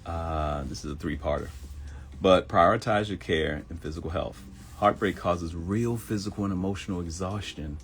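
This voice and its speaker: Deep gravelly animated man, talk show host. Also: normal speed, soft background music. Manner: animated preacher-like, switching into mock voices for quotes. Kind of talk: live self-help talk show monologue.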